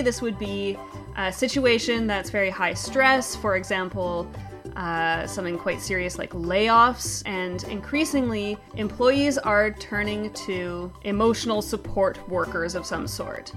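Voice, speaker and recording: A woman co-hosting a comedy show, reading out odd news stories in a brisk, wry, joking way. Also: medium pitch, animated, over music. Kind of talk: scripted comedic news chat.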